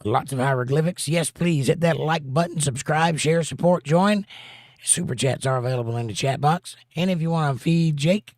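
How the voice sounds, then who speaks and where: A man with a fairly high, slightly mellow voice hosts a casual livestream at a normal pace, joking around and reading viewers' chat messages out loud. The sound is clean studio audio with no echo.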